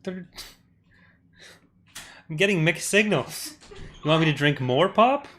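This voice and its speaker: A man's voice: a little high, expressive, measured pace, a bit bright. A man co-hosting a gaming session, joking and rambling in a self-deprecating way. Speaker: gaming co-host. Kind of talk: casual gameplay chat. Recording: game noise behind voice.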